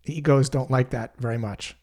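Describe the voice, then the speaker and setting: A man, a sales trainer, telling a story as a scripted lesson in a measured, explanatory way. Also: medium pitch, steady tone, a little mellow.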